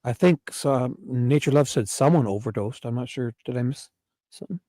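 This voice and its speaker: A man hosting a casual livestream, soft-spoken and a little apologetic. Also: mid-range voice, brisk, no room sound. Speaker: livestream host.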